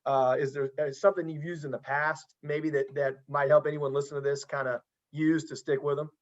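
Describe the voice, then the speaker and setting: A man's voice: fairly high pitch, level tone, a little fast, muffled recording. A man hosting a casual podcast interview as a football coach, earnest and encouraging, often restarting his sentences.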